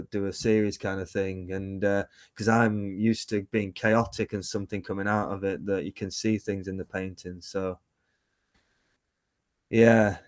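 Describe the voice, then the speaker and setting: A man's voice: fairly low pitch, no echo, studio quality. A man in his thirties, a musician and painter, talking casually in an interview over a video call, rambling with many fillers and restarts. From United Kingdom. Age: 30s.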